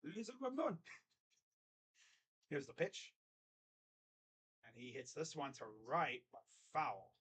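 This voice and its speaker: A young man doing live fan play-by-play, chatty and rambling, jumping to excited calls on each pitch. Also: slow, long pauses, husky.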